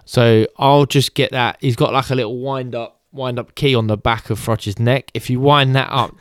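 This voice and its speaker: A man, co-hosting a boxing podcast in a relaxed, joking, sometimes swearing way. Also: mid-range voice, moderate pace, clear, resonant tone, no room sound, clean studio sound. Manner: laid-back, swearing, joking storyteller. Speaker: podcast co-host, former boxer. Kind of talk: casual chat.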